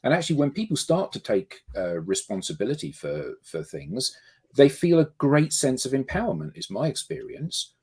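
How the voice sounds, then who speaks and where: A man's voice: mid-range voice, very animated, normal speed, darkish tone, husky. A man on a casual panel discussion, emphatic and rhetorical, arguing his point through questions.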